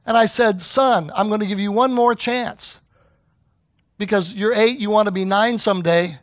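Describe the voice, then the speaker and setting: A man's voice: sits high, moderate pace, no room sound. A middle-aged man preaching a sermon as pastor, telling stories and acting out the voices he quotes. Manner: animated storyteller who acts out quoted voices.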